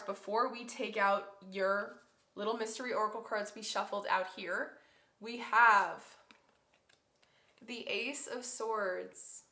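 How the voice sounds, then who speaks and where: A woman reads tarot cards aloud for her viewers, effusive and openly emotional as she goes. Her voice is bright and forward. The sound carries a roomy echo. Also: mid-range voice. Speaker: tarot reader. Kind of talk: pick-a-card tarot reading.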